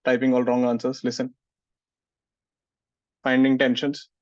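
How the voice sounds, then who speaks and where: A male physics teacher lectures his class in a medium-pitched, monotone voice, taking his time, and there's no room sound. He scolds students who don't listen and keeps asking "getting it?" The recording is muffled and dry.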